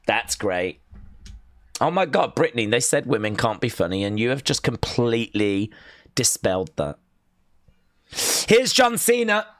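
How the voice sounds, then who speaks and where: An excitable young man, hosting a live watch-along stream, chatting, chanting and reading out viewer comments. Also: medium pitch, a little slow, pauses often, dry recording. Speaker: livestream host.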